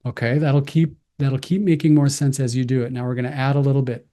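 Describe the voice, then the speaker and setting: Man, breathwork instructor, mellow warm tone, calm guided breathing cues. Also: mid-range voice. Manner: slow, calm, gentle cues.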